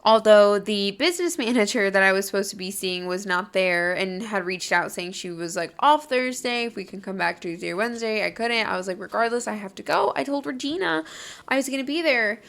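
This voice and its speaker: A young woman hosting a podcast, telling a personal story in a gushing, excitable way with lots of "like". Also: mid-range voice, a little fast. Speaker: podcast host. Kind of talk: casual storytelling.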